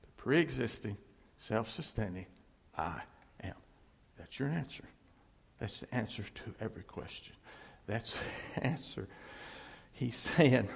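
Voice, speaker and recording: A man preaching a sermon as a pastor, animated and laughing often, dropping to a hush on key phrases. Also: fairly low pitch, a little slow, creaky, long pauses, husky. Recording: long hall reverb.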